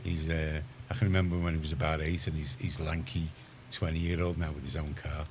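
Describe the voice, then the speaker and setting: A Liverpool man with a very low voice hosts a community radio show. He chats in a rambling way, often restarting his sentences. A faint hiss sits under the studio sound. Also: flat delivery, fairly quick. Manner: chatty, rambling, self-correcting. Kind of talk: casual radio chat.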